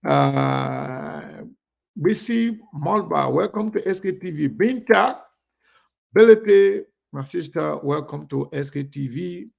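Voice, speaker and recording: Gravelly man hosting a live stream. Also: on the high side, expressive, slow pace. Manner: chatty, reads viewer names aloud warmly. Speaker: online show host. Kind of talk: live-stream greetings to viewers.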